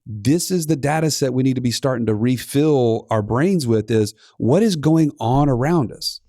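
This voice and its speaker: A man in his thirties with a gravelly edge chats animatedly on a finance podcast, with a streak of playful sarcasm. The sound is dry and close, with no room around it. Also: medium pitch, normal speed, dark tone, no room sound. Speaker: podcast co-host. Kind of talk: casual finance podcast chat.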